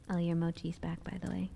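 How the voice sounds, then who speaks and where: Young woman streamer, soft-spoken and giggly, slips into whispers; slow, mellow delivery. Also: fairly low pitch, gravelly, slight background noise. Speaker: live streamer. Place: room at home with family nearby.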